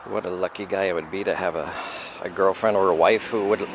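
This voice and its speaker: Speaking fairly quickly in a low, steady voice, a French-accented vlogger rambles opinionatedly beside a road during a motorcycle trip. He wanders off on tangents and chuckles often, with background noise behind him.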